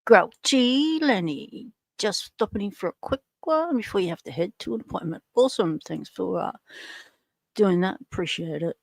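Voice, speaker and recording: A woman's voice: fairly low pitch, lively intonation, fairly quick, gravelly, a little mellow, dry recording, clean studio sound. A middle-aged Australian woman hosting a casual livestream, chatting and greeting viewers by name. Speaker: livestream host.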